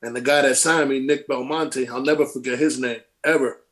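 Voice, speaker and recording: A man's voice: medium pitch, steady tone, fairly quick, a bit bright. A middle-aged man, a former pro ballplayer, telling stories casually in an interview, acting out quotes and swearing freely. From Brooklyn, New York. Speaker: former pro baseball player, guest.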